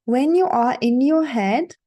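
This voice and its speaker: A woman coaches her viewers on dating in a monologue, her voice fairly high yet mellow and warm. She's animated and measured in pace, giving firm, instructive advice, repeating her points and constantly checking in with "okay?".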